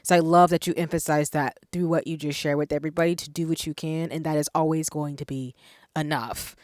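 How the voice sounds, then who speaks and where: Smooth-voiced woman hosting a panel. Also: low voice, fairly even intonation, a little fast, no room sound, studio quality. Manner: warm, effusive thanks, many fillers. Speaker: panel host. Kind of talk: livestream panel moderation.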